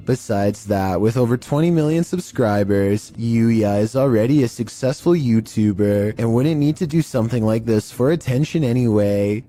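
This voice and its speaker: Man, narrator, scripted, measured, mildly spooky, dark mellow timbre. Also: lowish voice. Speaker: narrator of a paranormal clip compilation.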